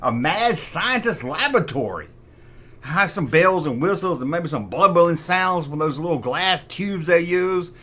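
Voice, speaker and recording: A middle-aged man with a rather high, bright voice hosts a jokey toy review. He swoops up and down constantly, tosses off sarcastic asides and mimics sound effects himself. The tone is playful. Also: lively intonation, measured pace. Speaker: toy collector host.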